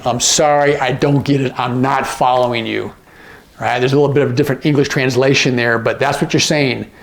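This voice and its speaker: A man's voice: medium pitch, fairly even intonation, gravelly. A man teaching sign language phrases, patiently repeating each phrase and often checking in with the viewer. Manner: repeats phrases slowly, gloss by gloss. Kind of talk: instructional explanation.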